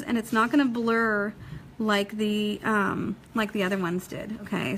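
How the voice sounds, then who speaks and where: A woman giving a casual live nail-art tutorial, chatty and quick to laugh, often checking in with "okay?" as she works. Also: medium pitch, a little hiss or hum, rough recording. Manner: chatty, laughs easily, reads viewer comments aloud. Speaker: nail technician teaching a live demo.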